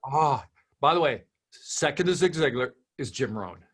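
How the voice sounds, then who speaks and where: A man guesting on an interview, talking through his approach to selling with emphatic repetition and rhetorical questions. His voice has a husky, slightly rough edge. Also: medium pitch, lively intonation, a little slow. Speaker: sales trainer guest. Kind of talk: interview conversation.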